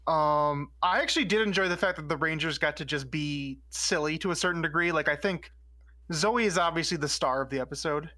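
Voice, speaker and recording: A man's voice: fairly high pitch, brisk, pushed and bright, no echo. A man in a casual podcast chat, talking in a playful, mock-indignant way.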